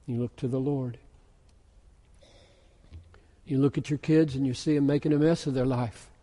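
A pastor preaching a sermon, moving from quiet musing into loud, intense emphasis. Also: male voice, medium pitch, fairly even intonation, moderate pace. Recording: echoey hall with long reverb.

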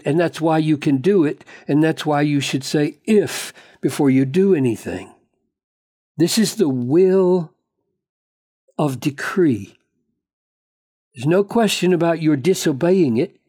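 A man preaching an expository Bible lesson, emphatic and deliberate, quoting verses and pressing each point home. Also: fairly high pitch, animated, mellow. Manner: emphatic, slow and deliberate with sudden bursts of speed on quotations.

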